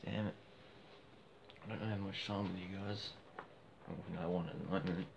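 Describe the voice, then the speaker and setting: A blunt man talks off the cuff on a phone livestream, cheeky and prone to heated rants. His voice sits low with a rough, gravelly edge. The phone recording sounds dull and lo-fi, with a faint hiss behind him. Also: steady tone, moderate pace. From Australia. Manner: cheeky, blunt, gets loud and heated when ranting. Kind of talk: casual rambling livestream.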